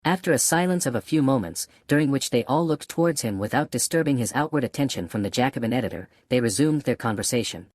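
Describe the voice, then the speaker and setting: Narrador masculino de audiolibro, lectura pausada, voz de tono medio y sonido seco y cercano. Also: male voice, mid-range voice, lively intonation, a little mellow, no room sound. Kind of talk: scripted narration.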